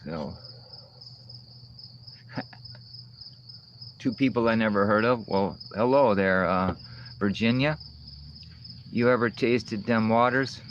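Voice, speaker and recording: A man's voice: fairly low pitch, slow, long pauses, fairly bright tone, muffled recording, slight background noise. Rambling, profane man talking outdoors. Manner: rambling, profane, talks back to chat comments. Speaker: livestream host reading chat. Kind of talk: casual rambling livestream chat. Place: outdoors among insects.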